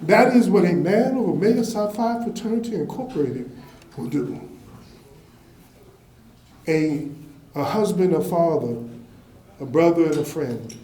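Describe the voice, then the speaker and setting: A man's voice: on the high side, expressive, measured pace, long pauses, warm tone. Man giving an echoey banquet speech. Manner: emphatic storyteller, repeats phrases to build momentum. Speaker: fraternity member giving an award introduction. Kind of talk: banquet speech with a told parable. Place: indoor banquet hall. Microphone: handheld microphone. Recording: echoey banquet hall, faint background noise.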